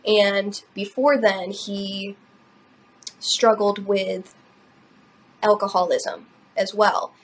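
A woman's voice: medium pitch, fairly even intonation, very slow, pauses often. Woman telling a personal story. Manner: emotional, rambling, many "like"s and "you know"s. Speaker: podcast co-host. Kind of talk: personal storytelling in casual chat.

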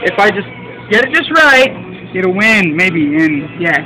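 A young man vlogging while playing an arcade coin game, excitable and quick to frustrated shouting and swearing. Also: high voice, low-quality recording. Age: teens or young adult. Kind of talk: casual vlog commentary while playing. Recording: loud background music in an arcade.

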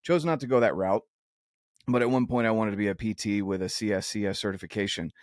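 A man's voice: lowish voice, quick pace, a little mellow, no echo, clean studio sound. Earnest man hosting a podcast. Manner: earnest, rambling with restarts. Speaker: podcast host. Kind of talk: casual interview chat.

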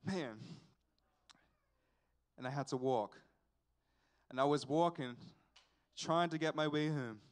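A young man, telling a personal testimony at a church service in an animated, repetitive storytelling way with sighs and asides. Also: on the high side, slow, pauses often, smooth. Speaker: church member giving a testimony.

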